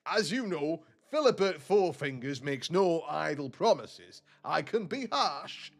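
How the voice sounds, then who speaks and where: A man's voice: a little high, big pitch swings, unhurried, gravelly, full character voice. A man voicing a boastful, coarse male bandit boss reading out his own notice in a swaggering way.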